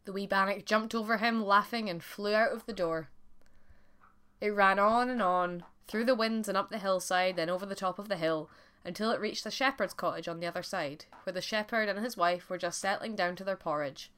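Bright expressive woman storyteller. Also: medium pitch, fairly quick, smooth. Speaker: podcast narrator. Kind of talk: storytelling narration.

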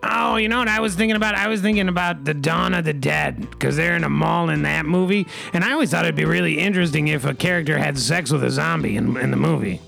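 A man co-hosting a comedy radio show, presenting in a mock-solemn, deadpan way with rhyming catchphrases. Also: on the high side, quick pace, gravelly, hardly any pauses, faint music behind.

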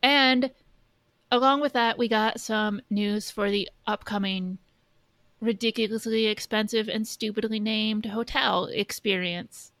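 A woman's voice: medium pitch, fairly even intonation, unhurried, vocal fry, fairly bright tone, no echo. A woman co-hosting a podcast, blunt and sweary in casual chat. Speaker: podcast co-host.

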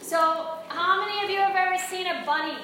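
A woman with a high, bright voice teaching yoga and breath work to a group, encouraging and full of questions for the class. She sounds distant in a very echoey room. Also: brisk, slight background noise. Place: large echoey room with a group of young hockey players.

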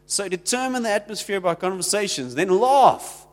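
High-voiced South African pastor in a hall. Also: male voice, lively intonation, moderate pace. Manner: conversational, acts out quoted exchanges. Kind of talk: sermon.

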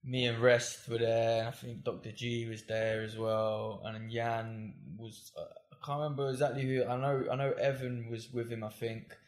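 A man's voice: mid-range voice, little pitch movement, moderate pace, few pauses. A man from north London, a podcast guest, telling stories in a rambling, hesitant way with many fillers. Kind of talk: casual interview chat. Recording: roomy echo.

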